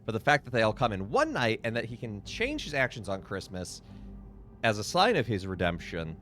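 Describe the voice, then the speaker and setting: A man's voice: lowish voice, wildly swooping pitch, moderate pace, a bit bright, soft background music. Chatty man streaming a game. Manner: chatty, opinionated, thinking aloud. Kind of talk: casual gameplay commentary.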